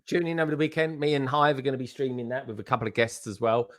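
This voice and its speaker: A British man co-hosting a casual livestream, excitable and jokey, often tripping over his words. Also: mid-range voice, very fast, a crowd in the background. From United Kingdom. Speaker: co-host.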